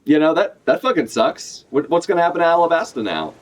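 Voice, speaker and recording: A man giving casual live reaction commentary as a streamer, animated and profane, laughing often as he talks. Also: on the high side, fast. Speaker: streamer reacting to a manga chapter.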